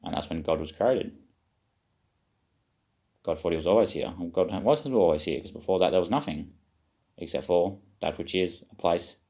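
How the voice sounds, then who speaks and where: A man's voice: low-pitched, dark tone. A man giving a rambling, self-questioning spiritual monologue to his viewers, swearing now and then. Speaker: vlogger.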